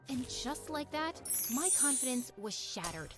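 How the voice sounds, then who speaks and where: A woman narrating her own story in an expressive, confessional scripted storytime style, with music behind. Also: sits high, measured pace, few pauses. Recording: narration over background music.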